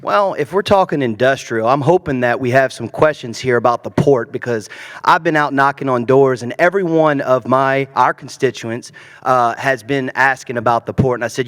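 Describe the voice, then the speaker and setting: A man's voice: mid-range voice, moderate pace, fairly bright tone. A man from Louisiana, his Cajun accent mostly faded, speaking casually at a candidate forum with many fillers and restarts. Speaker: council candidate. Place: large hall, public forum. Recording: long hall reverb.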